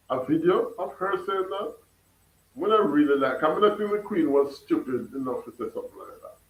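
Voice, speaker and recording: A man's voice: a little high, a bit bright, recorded from a distance. A man with a Jamaican accent hosts a casual livestream, reading his chat aloud, laughing often and putting questions back to his viewers. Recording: echoey room, away from the mic.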